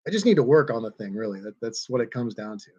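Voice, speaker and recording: A man hosting a casual livestream, reading viewer comments aloud in a relaxed, chatty way. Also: medium pitch, fast talker, breathy edge, lo-fi sound. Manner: laid-back, reads viewer comments aloud and chuckles between them. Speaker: livestream host reading chat. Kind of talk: casual chat.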